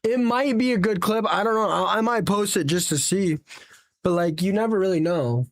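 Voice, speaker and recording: Animated young man streaming, high voice. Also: moderate pace. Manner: animated, rants with rhetorical questions. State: tired after a long stream. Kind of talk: casual live-stream chat.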